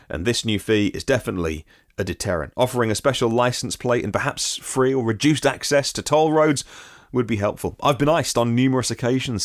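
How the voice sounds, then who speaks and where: A man's voice: fairly low pitch, dry recording, studio quality. A man hosting a daily news podcast, reading out listener comments and adding wry, sarcastic asides of his own. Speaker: podcast host.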